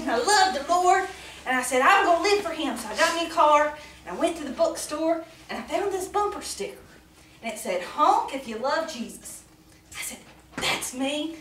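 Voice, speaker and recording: A naive, chatty church gossip with a drawl, as a woman puts her on for a ladies' meeting. Her voice is very high and swoops up and down as she giggles through the tale. It sounds echoey and distant, with a noisy room behind. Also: a bit bright. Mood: earnest. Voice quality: folksy drawl with frequent laughing. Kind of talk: comic monologue in character.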